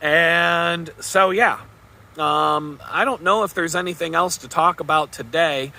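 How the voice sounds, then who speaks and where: Chatty man with a sharp, bright voice. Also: a little high, fairly even intonation, measured pace. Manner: chatty, rambling, chuckles at own story. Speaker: vlogger. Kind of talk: casual storytelling monologue.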